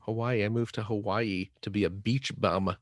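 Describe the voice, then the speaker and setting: A man's voice: lowish voice, normal speed, no echo, studio quality. A man in his forties co-hosting a podcast, riffing goofily in a casual chat. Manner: animated, goofy riffing. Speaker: podcast co-host.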